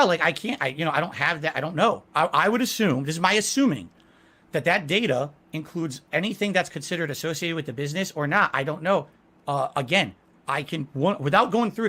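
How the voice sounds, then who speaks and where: A man's voice: fairly high pitch, animated, fast, pushed and bright. A man answering interview questions over a video call, hesitant and evasive, restarting his sentences often. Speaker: interview guest, streamer.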